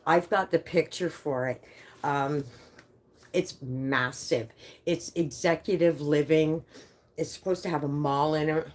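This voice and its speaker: A woman in her fifties hosting a livestream, chatting with viewers in an animated way, swearing freely and reading out their comments. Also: sits low, a little slow. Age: 50s. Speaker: livestream host. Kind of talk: casual livestream chat with viewers.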